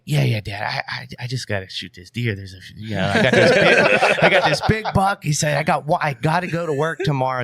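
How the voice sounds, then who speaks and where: A man in his young adult years tells a story in loose, animated conversation, leaning on fillers as he goes. His voice sits at an ordinary middle pitch. The sound is dry and close, with no room echo. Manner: rambling, animated, many fillers. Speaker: podcast guest. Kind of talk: casual storytelling.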